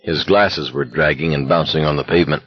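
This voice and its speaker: A man narrating an audiobook in a steady, intense voice. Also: a bass voice, brisk, slightly rough, dull audio. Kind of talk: scripted narration.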